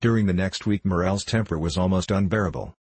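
Low, husky male audiobook narrator. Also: quick pace, a little mellow, no echo. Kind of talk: scripted narration of a novel.

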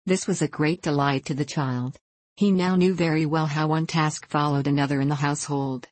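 A woman narrating a story in a calm, measured audiobook reading. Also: sits low, no echo.

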